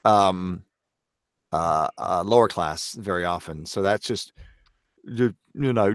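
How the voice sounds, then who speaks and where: A man's voice: fairly low pitch, a little slow, dry recording, clean studio sound. A man from Canada, a voice actor guest, talking earnestly and self-critically in a casual podcast interview.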